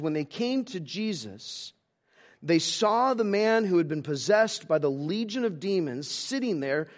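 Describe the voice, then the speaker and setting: A male pastor preaching a sermon, halting with many restarts, moving between emphatic lines and hushed ones. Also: high-pitched.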